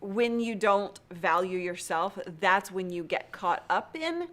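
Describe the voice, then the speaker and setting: A woman's voice: medium pitch, expressive, slow pace, fairly bright tone. Encouraging woman hosting a live stream. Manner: earnest, encouraging, laughs often. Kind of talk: casual live-stream chat.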